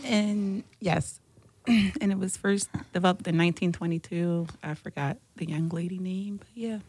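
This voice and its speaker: A woman's voice: lowish voice, moderate pace, a little mellow, slightly rough. A woman co-hosting a casual chat, often laughing and asking rhetorical questions. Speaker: podcast co-host.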